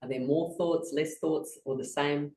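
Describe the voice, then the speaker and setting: A woman's voice: deep voice, fairly even intonation, a little slow, warm tone. A woman leads a laughter yoga class on a video call, calling out breaths, claps and check-ins in a playful, encouraging way. Her voice sounds a little distant from the mic, in a roomy space. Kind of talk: guided laughter yoga session.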